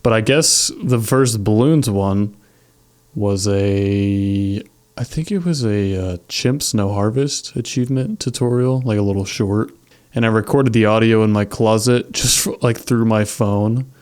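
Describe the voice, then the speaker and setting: Smooth-voiced joking man. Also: on the low side, measured pace, darkish tone. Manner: easygoing, joking. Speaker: YouTuber guest. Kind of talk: casual podcast chat.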